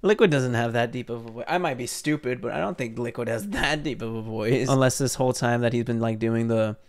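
A streamer reacting to an old call with wry, offhand comments. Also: male voice, medium pitch, brisk.

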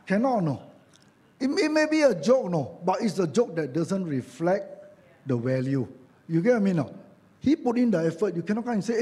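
A man's voice: sits high, big pitch swings, moderate pace, dark tone. A man with a Malaysian English accent preaching a sermon as a church elder, chatty and joking, acting out quoted voices and adding tag questions.

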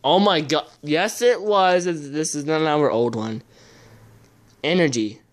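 Slow, muttering young card collector. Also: medium pitch. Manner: muttering to themself, swearing in frustration. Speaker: video host opening trading card packs. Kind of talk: casual unboxing commentary.

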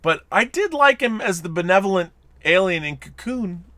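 A man's voice: sits high, moderate pace, no room sound. A man co-hosting a livestream podcast, chatting casually and reading out viewer messages with playful asides. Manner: animated, reads chats aloud with playful voices. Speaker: podcast co-host.

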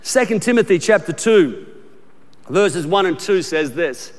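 Preaching in a large church auditorium, a middle-aged Australian pastor speaks unhurriedly in a high voice with lively intonation. He's emphatic and repetitive, conversationally restarting his sentences, and the recording carries a long hall reverb.

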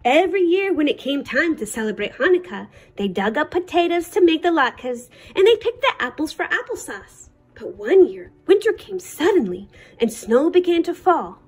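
A woman librarian reading a children's picture book aloud in an expressive, sing-song way. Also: high-pitched, moderate pace. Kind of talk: storybook read-aloud.

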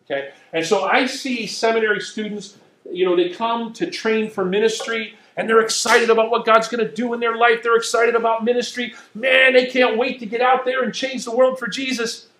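A middle-aged man preaching a sermon, telling stories in an animated, self-mocking way. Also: extremely high pitch, normal speed, roomy sound, poor audio. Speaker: pastor.

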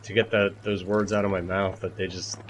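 A young man livestreaming a survival game, chatting to his viewers with animated, self-mocking commentary, swearing and laughing as he goes. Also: deep voice, a little fast, slight background noise. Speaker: streamer. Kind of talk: live-streamed gameplay commentary.

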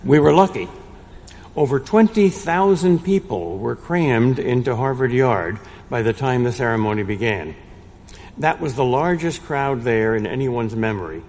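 An older man giving a prepared lecture in a measured way, with a dry, wry humor. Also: medium pitch, expressive, darkish tone. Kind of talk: prepared lecture read aloud. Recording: long reverb in a large room.

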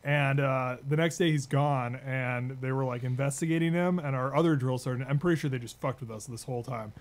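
A man, an Army veteran, telling rough, profane stories with frequent laughs in casual podcast chat. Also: mid-range voice, brisk.

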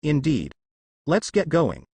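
A man's voice: a little high, huge pitch swings, slow, a little mellow, breathy edge, no room sound, exaggerated voice. A man voicing a sly, drowsy male fox spirit who sounds pleased with himself.

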